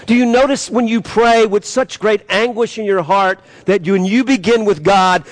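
A man preaching a sermon as pastor, asking the congregation direct questions and growing more fervent as he reads prayers aloud. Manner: impassioned preaching, rising in pitch and volume when reading prayers.

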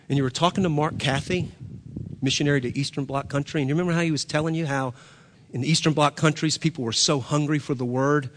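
A man preaching a sermon as pastor, earnest, often repeating himself and restarting phrases. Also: mid-range voice. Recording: long hall reverb.

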